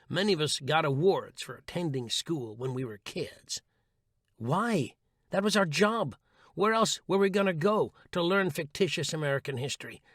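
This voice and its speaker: A man's voice: a little high, animated, moderate pace, fairly bright tone, dry recording. Wry, dry-voiced man reading an essay. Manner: wry, sarcastic, playful delivery. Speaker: audiobook narrator and voice coach.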